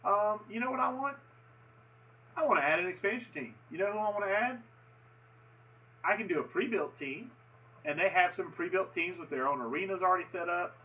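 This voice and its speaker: A man's voice: sits high, lively intonation, brisk, long pauses, distant mic, muffled recording. A man casually commenting on a sports video game's franchise settings, enthusiastic and often repeating himself. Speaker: gaming video host.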